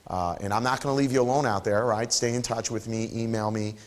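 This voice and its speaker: A man's voice: on the low side, fairly even intonation, fairly quick, big-room sound. A man leading a photography workshop, encouraging and playful with an emphatic way of talking. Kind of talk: live workshop teaching.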